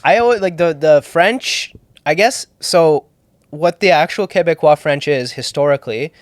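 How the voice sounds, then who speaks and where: A man's voice: on the high side, moderate pace, dry recording. A young man from Toronto, a comedian hosting a podcast in casual chat, loose and joking, swearing and laughing often. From Toronto, Canada.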